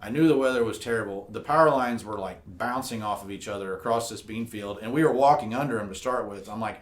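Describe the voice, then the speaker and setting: A man in the middle of a casual podcast chat, spinning long, rambling stories and slipping into the voices of the people in them. His pitch sits in a middling range. The room around him rings with a clear echo. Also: a little fast, few pauses. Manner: rambling, animated anecdotes with lots of "like". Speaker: podcast co-host. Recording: echoey room.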